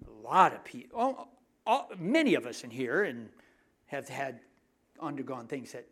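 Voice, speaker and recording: A middle-aged man preaching a sermon in a conversational, joking way, often dropping his voice to hushed asides. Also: medium pitch, lively intonation, moderate pace. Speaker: pastor.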